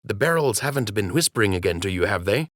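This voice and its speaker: A man's voice: on the low side, animated, fast talker, fairly bright tone, dry recording, clean studio sound. A man voicing a loyal, earnest male rabbit captain who speaks steadily.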